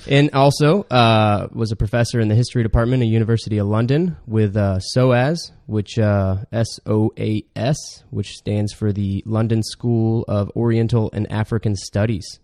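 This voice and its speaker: A man's voice: lowish voice, moderate pace, hardly any pauses, a little mellow, no room sound, clean studio sound. A man co-hosting a podcast, chatting casually and laughing often between explanations. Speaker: podcast co-host.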